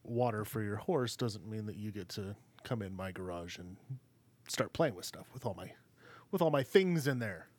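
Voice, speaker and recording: Male co-host, mid pitch, animated complaining. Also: normal speed, husky. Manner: indignant, profane venting. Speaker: podcast co-host. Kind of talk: casual chat.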